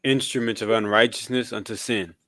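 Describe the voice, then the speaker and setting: A man with a fairly low voice reads scripture aloud on cue during a Bible study. The recording sounds dry and close, with no room echo. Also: steady tone, brisk, sharp tone.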